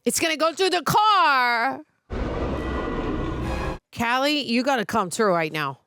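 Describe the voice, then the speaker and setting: A woman co-hosting a movie reaction, full of excited exclamations, cheering the characters on. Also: high-pitched, slow pace, noisy background. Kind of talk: casual reaction chat over a movie. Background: movie soundtrack playing.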